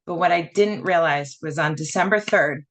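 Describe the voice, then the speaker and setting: A woman's voice: deep voice, normal speed. A woman in her thirties giving a personal testimonial as a network marketing presenter, rambling through her story with lots of "like" and "you know".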